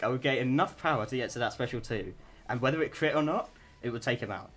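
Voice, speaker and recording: Young male streamer, lively swinging pitch, chatty and giggly. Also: fast talker, faint music behind. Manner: chatty, giggly, self-mocking. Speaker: game streamer. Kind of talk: casual live-stream commentary.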